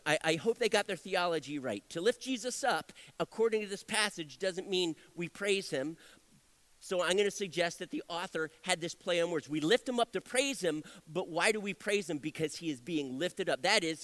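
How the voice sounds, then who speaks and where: A male pastor preaching a sermon in an animated, conversational way, breaking off for asides and correcting himself. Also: high voice.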